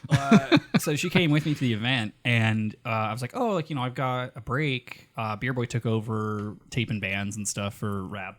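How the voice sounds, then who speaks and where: A man co-hosting a podcast, telling stories in an animated, profane casual chat. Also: medium pitch, moderate pace, hardly any pauses. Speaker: podcast co-host.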